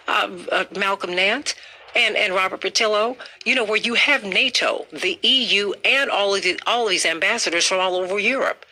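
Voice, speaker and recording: A woman's voice: medium pitch, sharp tone. A woman hosting a call-in talk show, speaking firmly and emphatically. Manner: firm, emphatic, repeats names to cut in.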